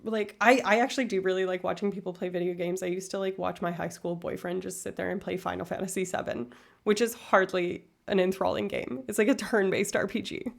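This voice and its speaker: Gravelly woman streamer rambling. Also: mid-range voice, fairly even intonation, a little fast. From far north Alberta, Canada. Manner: rambling, tangent-prone, self-deprecating. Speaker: livestreamer. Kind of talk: casual chat reading viewer comments.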